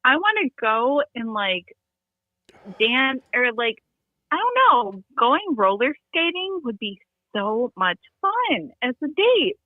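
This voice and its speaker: A woman's voice: sits high, sing-song, slow, no echo, phone-quality sound. A young woman chatting casually, telling a story in a rambling way and laughing often. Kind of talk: casual chat.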